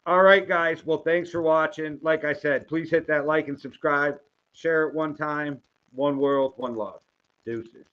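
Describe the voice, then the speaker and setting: An older man with a Wisconsin Midwestern accent talks sports picks in a relaxed, profane, joking way. The recording is slightly dull and lo-fi. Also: a little high, a little slow, a little hiss or hum. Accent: Midwestern American. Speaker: podcast co-host. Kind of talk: casual sports-betting chat.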